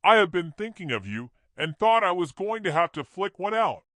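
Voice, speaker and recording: A man's voice: high voice, big pitch swings, normal speed, fairly bright tone, dry recording, voice pushed up. A man voicing a seductive, menacing woman doctor with something demonic about her, mocking and snarling. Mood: sultry.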